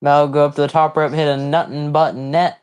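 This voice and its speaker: A man hosting a livestream, giving casual, rambling commentary on a wrestling broadcast and breaking into excited outbursts and confused reactions. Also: a little high, fairly quick, smooth. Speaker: livestream host.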